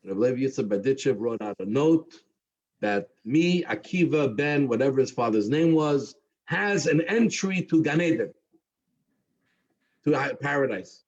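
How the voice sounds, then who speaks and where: A man telling a story at a Havdalah gathering, animating the characters with a husky voice. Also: moderate pace. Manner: animated, voicing characters with rising pitch. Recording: dull lo-fi recording.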